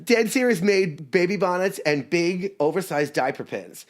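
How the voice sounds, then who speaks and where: A man's voice: high-pitched, animated, moderate pace. A man from Staten Island, a guest on a podcast, chatting in a playful, campy way and laughing often. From Staten Island, New York. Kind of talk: casual chat.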